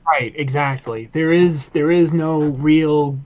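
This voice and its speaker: A man co-hosting a casual review podcast, excitable and quick to swear. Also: fairly high pitch, muffled recording. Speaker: podcast co-host.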